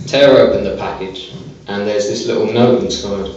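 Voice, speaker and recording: A man performing a stand-up comedy set on a small club stage, delivering deadpan one-liners with hesitant fillers. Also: fairly low pitch, moderate pace, slight background noise. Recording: echoey, distant, dull live club recording.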